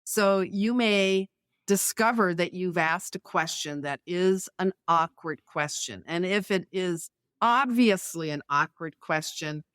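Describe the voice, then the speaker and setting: A middle-aged woman, a podcast guest, explaining conversation tips clearly and illustrating them with anecdotes. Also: fairly low pitch, takes it slowly, fairly bright tone, no room sound, clean studio sound.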